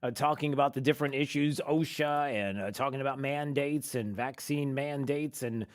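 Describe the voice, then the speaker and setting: A man hosting a talk radio show, talking in a sarcastic, animated way. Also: medium pitch, moderate pace.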